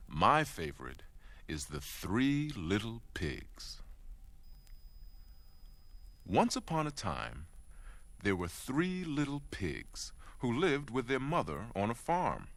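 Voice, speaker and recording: Brief: male children's storyteller, unhurried, wide-ranging delivery. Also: medium pitch, big pitch swings, fairly bright tone, no room sound. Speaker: children's show host.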